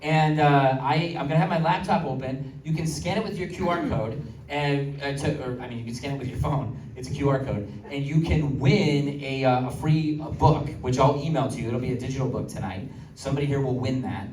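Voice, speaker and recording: A man's voice: mid-range voice, brisk, hardly any pauses, a little mellow, recorded from a distance. A man doing a stand-up comedy set and telling stories in a chatty way, with lots of fillers. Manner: chatty storytelling with filler words. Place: comedy venue with live audience. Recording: roomy live audience recording from afar.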